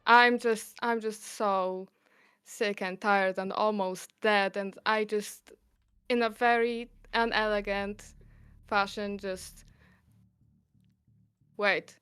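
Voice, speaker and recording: A woman playing a tabletop game who gets excited, swears and laughs often. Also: mid-range voice, takes it slowly, pauses often, clear, resonant tone, no echo. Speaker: player. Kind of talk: casual tabletop play.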